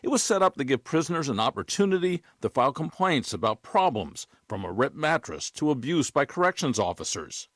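Measured male news correspondent. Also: mid-range voice, no room sound. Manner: measured, even delivery. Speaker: investigations correspondent. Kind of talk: scripted news report. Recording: dry studio voice.

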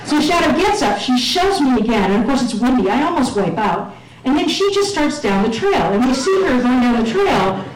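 A woman's voice: sits high, very animated, moderate pace, a crowd in the background. A woman telling a self-mocking personal story to an audience, sometimes acting out the voices of others. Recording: echoey room, mic at a distance.

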